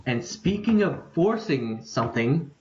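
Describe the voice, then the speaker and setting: A young man hosting a casual podcast, excitable and rambling, quick to crack jokes. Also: a little high, slight background noise. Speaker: podcast host. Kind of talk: casual chat. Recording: lo-fi, echoey room.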